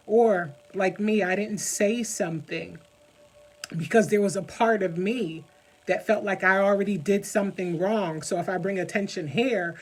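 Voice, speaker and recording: A woman coach speaking earnestly and emotionally straight to the listener in a heartfelt talk, with soft music underneath. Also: fairly low pitch, slightly rough, low-quality recording. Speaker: healing coach. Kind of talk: heartfelt direct-to-camera talk.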